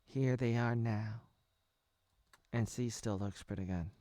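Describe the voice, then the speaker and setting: A man's voice: mid-range voice, fairly even intonation, takes it slowly, warm tone, no room sound. Rambling American man riffing on a show. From United States. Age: 30s. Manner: rambling, self-correcting, jokey. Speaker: video commentator. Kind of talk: casual parody commentary over a show.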